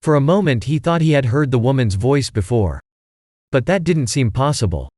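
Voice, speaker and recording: A man's voice: mid-range voice, normal speed, no room sound. Man narrating an audiobook, dry sound. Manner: steady storytelling. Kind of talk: scripted narration.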